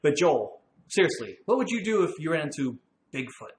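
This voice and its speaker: High-voiced, fast-talking male host. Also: very animated, reverberant. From Western Pennsylvania. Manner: upbeat, chatty, laughs often. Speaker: podcast host. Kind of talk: casual bar-talk webcast. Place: bar.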